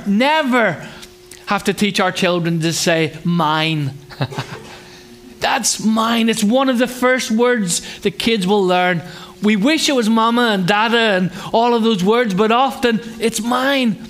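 A man's voice: measured pace, fairly bright tone. A man preaching a conversational sermon with humour, asking his congregation rhetorical questions and acting out children's voices. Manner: acts out children's voices in a higher pitch. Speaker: pastor.

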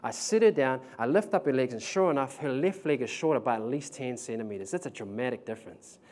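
Laughing, slangy New preacher. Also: male voice, medium pitch, fast talker. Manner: animated storyteller, laughs often, slangy. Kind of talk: testimony sermon.

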